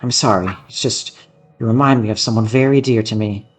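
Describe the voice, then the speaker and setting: A man's voice: fairly low pitch, brisk, soft background music, close to an everyday voice. A man voicing an earnest young female noble swordswoman of the plains, reading game dialogue aloud in a heartfelt, eager manner. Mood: earnest, surprised.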